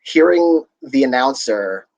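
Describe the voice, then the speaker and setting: A man's voice: medium pitch, expressive, takes it slowly, creaky, a little mellow, poor audio. A man discussing awards results in a casual panel chat, rambling with many restarts and chuckles. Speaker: awards pundit.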